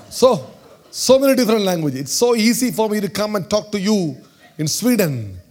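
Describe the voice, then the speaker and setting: A man from southern India with an Indian accent, preaching a sermon and telling a personal story, swinging between loud, animated exclamations and hushed, quiet storytelling. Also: high-pitched, normal speed. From Kerala, southern India.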